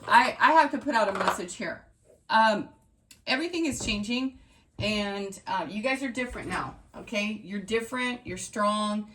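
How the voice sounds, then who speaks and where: A woman's voice: mid-range voice, expressive, normal speed, fairly bright tone, a little hiss or hum. A woman running a tarot reading channel, talking straight to her viewers in an emphatic, repetitive pep-talk style. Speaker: tarot reader.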